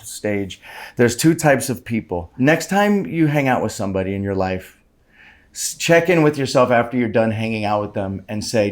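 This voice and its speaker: A man in his fifties, a guest on an interview podcast, telling stories in a candid, animated way with casual swearing. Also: fairly low pitch. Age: 50s.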